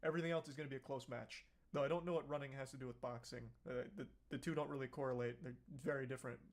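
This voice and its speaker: A man giving sarcastic, mocking reaction commentary on a video clip. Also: a little high. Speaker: commentary YouTuber.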